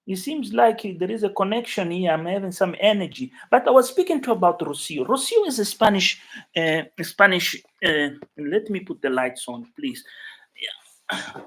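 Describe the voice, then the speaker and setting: A man from Africa hosting a casual live chat from his flat, rambling and emotional as he talks to viewers by name. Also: high-pitched, normal speed. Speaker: YouTube livestream host.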